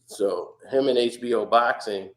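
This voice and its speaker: A man's voice: medium pitch, a little slow, fairly bright tone. A man in casual podcast chat, telling stories animatedly, acting out quotes and laughing often. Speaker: podcast guest.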